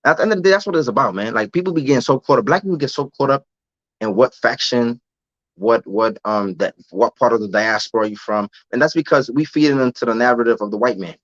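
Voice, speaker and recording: A man's voice: medium pitch, fast, no room sound. A young American man in a casual live-stream rant, talking loose street slang and repeating himself. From United States. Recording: dull lo-fi dry sound.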